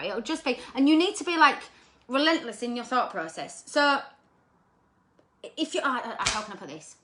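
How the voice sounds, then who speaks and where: A woman giving an energetic motivational talk to her sales team, repeating points and checking in with "okay?". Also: on the high side.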